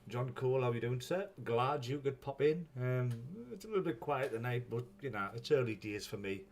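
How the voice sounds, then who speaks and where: A man's voice: medium pitch, lively intonation, a little fast. A man hosting a casual live stream, rambling, swearing freely and chuckling often as he greets viewers.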